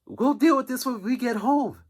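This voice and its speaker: A man voicing an angry middle-aged female school office worker who yells, exasperated and sassy. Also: extremely high pitch, moderate pace, husky, voice pushed up.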